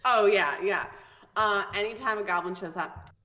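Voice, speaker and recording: A woman's voice: medium pitch, moderate pace, pushed and bright, in a large hall. A woman from the United States chatting casually, upbeat and joking. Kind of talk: casual chat.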